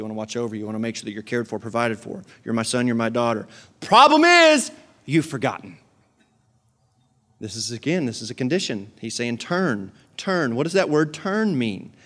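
A man preaching a sermon, asking the congregation direct questions and swinging from loud emphatic peaks to quiet earnest asides. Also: mid-range voice. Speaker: pastor.

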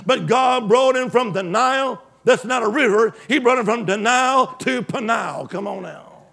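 A male preacher delivering an emphatic call-and-response sermon, swinging from loud exclamations to hushed asides. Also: extremely high pitch, a little slow, creaky.

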